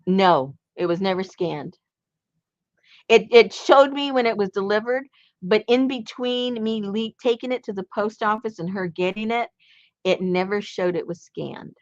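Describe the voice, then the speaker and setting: A woman's voice: mid-range voice, measured pace, no echo, lo-fi sound. A middle-aged woman hosting a casual craft chat, talking freely with many ums, restarts and frequent laughs. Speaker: craft channel host.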